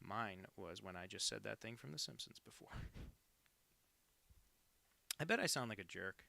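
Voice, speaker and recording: Gravelly man rambling on a live stream. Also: fairly low pitch, animated, moderate pace, sharp tone. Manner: rambling, self-deprecating, crude asides. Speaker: artist live-streaming drawings. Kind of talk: casual live stream chat.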